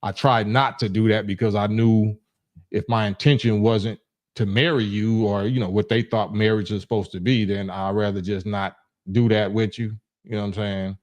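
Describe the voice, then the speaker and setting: A man's voice: lowish voice, fairly even intonation, normal speed. A middle-aged man from Los Angeles hosting a livestream call-in, talking bluntly in casual street slang with frequent restarts. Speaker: livestream host.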